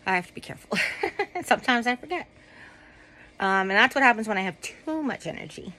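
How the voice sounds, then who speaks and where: A woman's voice: on the high side, animated, fairly quick, bright, forceful tone, poor audio. A woman vlogging casually from home while lying down, rambling with many ums and asides. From United States. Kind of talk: casual chat to camera.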